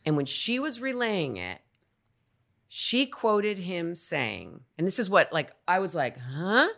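A woman who is an actor and a podcast guest, telling stories in a casual, animated way and acting out the lines she quotes. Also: lowish voice, takes it slowly. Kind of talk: casual storytelling.

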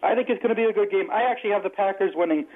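Rambling high-voiced man over a phone line. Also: very fast. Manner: rambling, stumbling over words. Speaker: caller. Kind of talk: phone-in call.

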